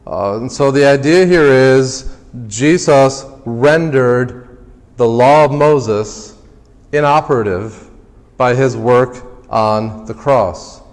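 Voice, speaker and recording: A man preaching a sermon as pastor, emphatic, climbing louder on key phrases and then dropping low. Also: slow, in a large hall.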